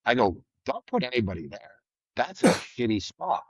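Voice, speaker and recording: A middle-aged man tells a story in a blunt, lively way, swearing freely and loudly acting out what other people said. The recording sounds a little dull and very dry, with no room sound at all. His voice sits at an ordinary pitch for a man. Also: moderate pace, slightly rough, no echo. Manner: vivid, blunt, acts out quoted lines loudly, swears. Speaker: retired state trooper guest. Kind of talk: casual storytelling in a podcast interview.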